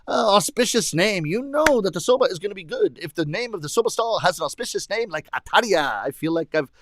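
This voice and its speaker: A man voicing a smooth, flattering male noodle customer who heaps praise and savors each bite, in comic storytelling. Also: sits high, noisy background. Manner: gushing, effusive praise with drawn-out savoring sounds.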